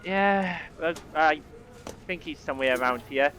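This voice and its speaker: A man voicing a loud, blunt male police desk clerk in a tabletop game, hollering rough orders. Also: on the high side, unhurried, a little hiss or hum, voice pushed down. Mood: offhand.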